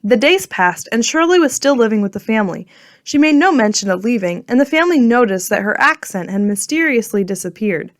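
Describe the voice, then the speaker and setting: A woman narrating a children's storybook in a clear, gentle storytelling manner. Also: a little high, very animated, fairly quick, no room sound, studio quality. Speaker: audiobook narrator.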